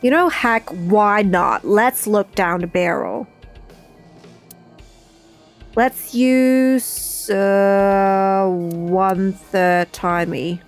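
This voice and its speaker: A woman giving casual let's-play commentary, thinking aloud in an unhurried, chatty way. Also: mid-range voice, faint music behind. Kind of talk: casual game playthrough commentary.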